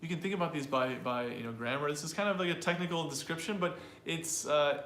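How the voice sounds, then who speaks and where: A man's voice: on the high side, quick pace, fairly bright tone. A man teaching English pronunciation in casual chat, talking straight to learners and thinking aloud as he goes. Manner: thinks aloud with fillers and restarts, addresses learners directly. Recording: echoey room with faint background noise.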